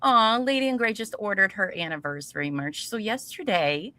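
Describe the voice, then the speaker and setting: A woman's voice: medium pitch, lively intonation, normal speed, sharp tone. A woman co-hosting a podcast, chatting in a playful, teasing way. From US Midwest. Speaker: podcast co-host. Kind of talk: casual podcast chat.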